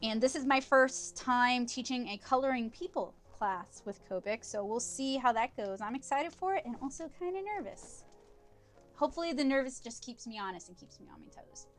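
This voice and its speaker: A woman's voice: sits high, expressive, moderate pace, soft background music. A woman hosting an art livestream, chatting casually and rambling a little, with self-deprecating asides. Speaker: livestream host and artist.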